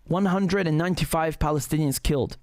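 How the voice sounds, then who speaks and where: A man's voice: a little high, brisk, no echo, clean studio sound. A man giving heated, indignant solo commentary, sarcastic at times, often stumbling and restarting his sentences. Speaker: political commentator.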